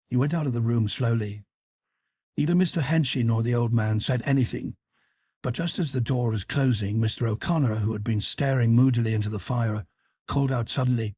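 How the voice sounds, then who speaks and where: Guy narrating an audiobook, husky voice, dry close sound, measured. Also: mid-range voice, dark tone, dry recording. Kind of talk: scripted literary narration.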